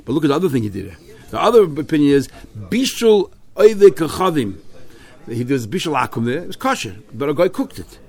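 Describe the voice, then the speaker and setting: A man's voice: fairly high pitch, fairly quick. Guy giving a talmud class, tells the story with energy, lots of and-and restarts. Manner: animated storytelling with frequent restarts. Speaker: Talmud teacher. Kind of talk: Talmud class, translating Aramaic line by line.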